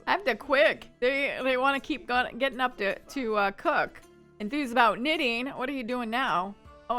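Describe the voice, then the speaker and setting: A woman's voice: on the high side, pushed and bright, smooth. A woman hosting a gaming channel, giving chatty let's-play commentary and narrating every move.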